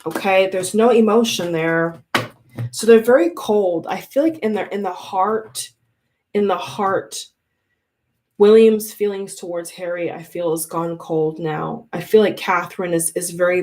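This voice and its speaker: A woman reading tarot cards in a chatty, casual monologue, often repeating words and restarting her sentences. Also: fairly low pitch. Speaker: tarot reader.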